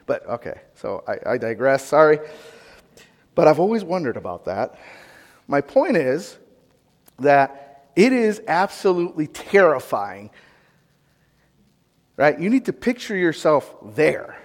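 A man giving an interactive sermon, conversational and animated, asking his audience questions and wandering into asides. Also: fairly high pitch, a little slow, long pauses, big-room sound. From United States. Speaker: pastor or Bible teacher.

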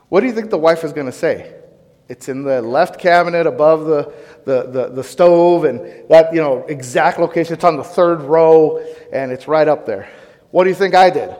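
Animated preacher man, higher voice. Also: in a large hall. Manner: animated storytelling, questions to the congregation. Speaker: pastor. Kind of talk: sermon.

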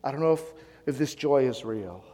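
A man preaching a sermon as pastor, asking the congregation questions and answering them, with swings between loud and quiet emphasis. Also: mid-range voice, expressive, moderate pace, long reverb tail. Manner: call-and-response preaching, rising and falling emphasis.

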